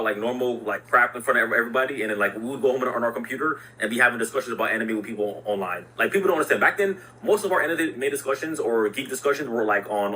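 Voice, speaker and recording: A man tells a casual story straight to camera, rambling and full of filler. He talks quickly with a bright, forward tone. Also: mid-range voice, a little hiss or hum, rough recording. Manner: loose and rambling, full of "like" and "bro".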